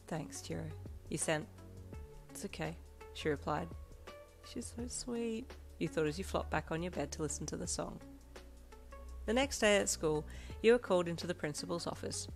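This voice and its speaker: Low-voiced woman narrating a story. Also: brisk. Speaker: fanfiction reader. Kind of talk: second-person story narration. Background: soft backing music.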